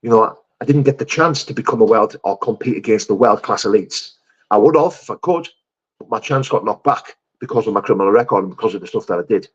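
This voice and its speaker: A man's voice: on the low side, lively intonation, quick pace, slightly rough, muffled recording. A middle-aged man, chatting on a livestream and answering viewer comments bluntly, calling everyone mate and brother. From England. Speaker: livestream host reading chat. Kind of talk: casual live chat.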